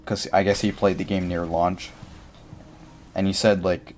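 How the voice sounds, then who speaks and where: Deep-voiced young man rambling over gameplay. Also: level tone, unhurried, pauses often, a little mellow, faint music behind. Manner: rambling, filler-heavy, thinking aloud. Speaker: livestreamer. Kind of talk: casual gameplay commentary.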